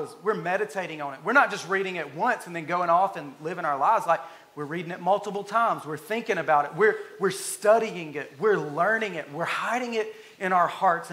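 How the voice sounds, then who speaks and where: A man's voice: high voice, a little fast, hardly any pauses, a bit bright. A man preaching a sermon, earnest and emphatic, building his points through repeated phrases. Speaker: pastor.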